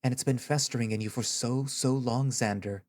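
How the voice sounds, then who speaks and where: A man voicing a gentle, caring male therapist who speaks in a soft, reassuring, patient way in an audio story reading. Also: medium pitch, fairly even intonation, moderate pace, natural voice. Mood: comforting.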